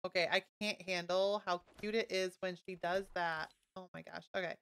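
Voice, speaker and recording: Woman, live game streamer, casual chat, bubbly and gushing, bright clear voice. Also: lowish voice, normal speed. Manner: bubbly, gushing and easily excited.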